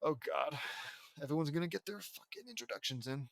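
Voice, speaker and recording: A man's voice: fairly high pitch, expressive, a little fast, vocal fry, no room sound. A man reading a fan fiction story aloud, breaking off into sarcastic, swearing asides. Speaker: audiobook reader.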